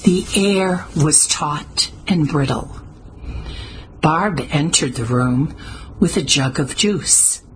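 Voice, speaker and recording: Brief: woman audiobook narrator, low voice, unhurried, measured delivery. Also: a little hiss or hum, poor audio. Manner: measured, even storytelling. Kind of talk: scripted narration.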